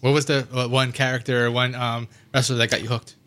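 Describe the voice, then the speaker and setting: A man hosting a radio show, prompting his guests with quick questions. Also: mid-range voice, little pitch movement, fairly bright tone. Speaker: radio host. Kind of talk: interviewing guests. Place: radio studio.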